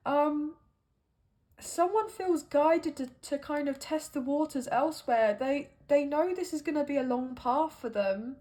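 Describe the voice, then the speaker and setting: A woman's voice: sits high, a little slow, warm tone. A woman giving an intuitive tarot reading, musing and hesitant as she thinks aloud with plenty of fillers. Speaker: tarot card reader.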